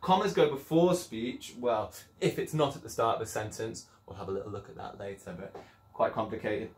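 A man's voice: on the low side, brisk. A male primary school teacher giving an upbeat, encouraging video lesson, sometimes acting out voices as he explains. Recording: echoey room.

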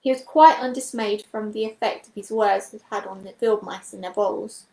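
A woman reading a children's animal novel aloud as a storyteller, steady and clear. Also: medium pitch, moderate pace, roomy sound, poor audio.

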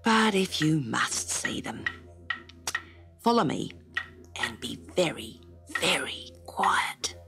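A warm, protective mother kangaroo from a read-aloud storybook, voiced by a woman. She speaks low and breathy, slowly and gently. Soft music plays faintly behind her. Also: sing-song, heavily acted. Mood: hushed.

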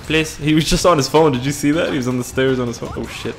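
A young man from Canada giving excitable, profane let's play commentary, laughing and reacting loudly as he plays. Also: medium pitch, fast, gravelly. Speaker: gaming channel host. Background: game music and sound effects.

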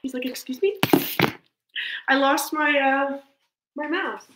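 A woman with a high voice and a flat, measured delivery hosts a casual livestream with her pet parrot. She coos baby talk at the bird, laughs often, and reads out and thanks viewer comments. The echoey room has noise in the background.

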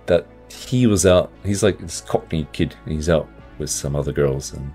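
A man's voice: very deep voice, moderate pace, mellow, faint music behind. A man hosting a casual book podcast, loosely recapping a plot with lots of hedging fillers. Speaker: podcast host.

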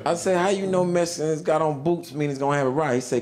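Man, stand-up comedian, laid-back drawl, slightly high voice, music underneath. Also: lively intonation, fairly quick, few pauses, a little mellow. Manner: laid-back drawl, acts out voices, laughs at own lines. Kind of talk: stand-up storytelling over animation.

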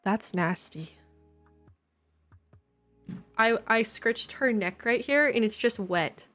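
A young woman chats her way through a live game stream from home, unhurried and drawn out. She keeps up a joking, self-deprecating patter and reads viewers' messages aloud. Faint music plays behind her. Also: on the high side, expressive, a bit bright. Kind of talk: casual live-stream chat while playing.

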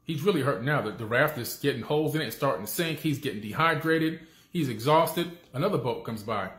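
A fast-talking man with a mid-range, fairly bright voice gives an animated motivational talk. He's casual and emphatic, repeats his key points, and keeps tossing in "okay?", all captured in an echoey room.

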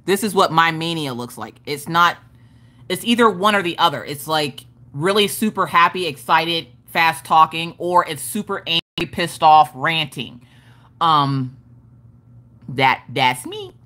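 Livestream host, woman, profane jokey rambles, bright animated delivery. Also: sits low, a little slow. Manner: rambling, joking, laughing, profane. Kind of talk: casual livestream chat.

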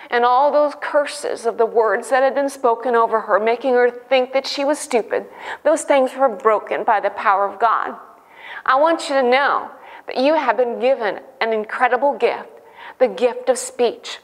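In a large hall, a woman with a voice on the high side gives an earnest devotional teaching. She tells a church story with fervor.

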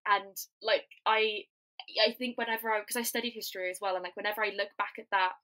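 A young adult woman, a comedian, talking as a guest on a casual podcast in an animated way, with lots of fillers and restarts. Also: medium pitch, fast talker, poor audio.

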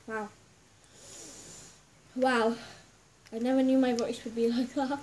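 A woman's voice: a little high, level tone, slow pace, darkish tone, slight background noise. A woman hosting a casual gaming video, giggling and chatting straight to her viewers as she plays. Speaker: gameplay video host.

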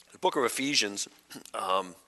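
A middle-aged pastor preaching a sermon, conversational, with quick humorous asides. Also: male voice, on the low side, sharp tone. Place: church sanctuary. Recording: long hall reverb.

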